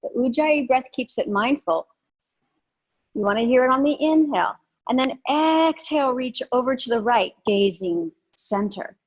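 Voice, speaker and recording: A woman teaching a yoga and breathing class, giving calm, gentle cues with soft pauses. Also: a little high, husky, muffled recording. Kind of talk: guided yoga and breathing instruction.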